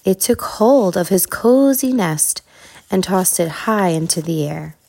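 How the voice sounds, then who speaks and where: Gravelly-voiced woman reading a bedtime story. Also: on the low side, animated, unhurried, warm tone. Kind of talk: children's storybook narration.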